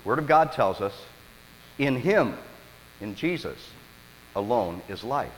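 A man preaching a sermon as pastor, telling stories with animated, dramatic delivery. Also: mid-range voice, a little slow, in a large hall, a little hiss or hum, rough recording.

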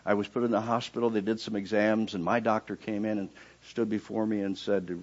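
A man preaching his personal testimony in a sermon, his voice swinging from quiet and low in narration to high, loud outbursts in the reenacted prayers. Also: flat delivery, a little fast, muffled recording.

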